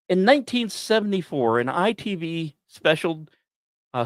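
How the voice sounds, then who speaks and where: A man hosting a podcast, telling a history story with dramatic pauses and wry asides. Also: dry recording, clean studio sound. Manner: dramatic, wry asides, lively pitch swings. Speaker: podcast host. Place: small dry studio.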